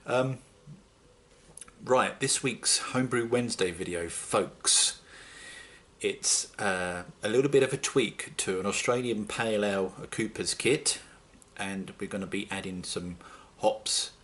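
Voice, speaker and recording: Low-voiced chatty man. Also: unhurried, fairly bright tone. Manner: chatty, jokey, addresses viewers as folks. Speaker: homebrew video host. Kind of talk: casual how-to narration. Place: home conservatory.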